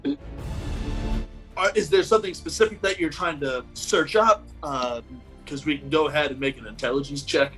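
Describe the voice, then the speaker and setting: A man narrating as game master of a tabletop game, relaxed and hesitant with many fillers. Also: a little high, normal speed, faint music behind.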